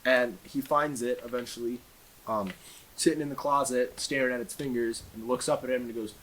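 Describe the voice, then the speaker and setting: A man's voice: medium pitch, fairly even intonation, fairly quick, a bit bright, far from the mic, a little hiss or hum, low-quality recording. A man playing a video game who tells a long, rambling joke, circling back and restarting his sentences. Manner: meandering, full of fillers and restarts. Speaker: let's play gamer. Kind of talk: rambling joke-telling over gameplay.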